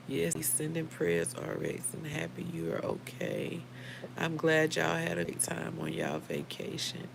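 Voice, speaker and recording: A woman's voice: deep voice, huge pitch swings, unhurried, vocal fry, background noise. A middle-aged woman, hosting a casual livestream, heartfelt and emotional, talking straight to her viewers by name. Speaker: livestream host.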